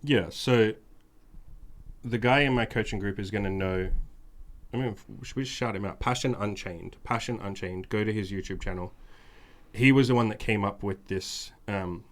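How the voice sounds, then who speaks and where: A man's voice: lowish voice, normal speed. Blunt, profane male podcast host. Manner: blunt and profane, emphatic lists and repetition; mimics whiny demands in a raised voice. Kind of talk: casual podcast chat.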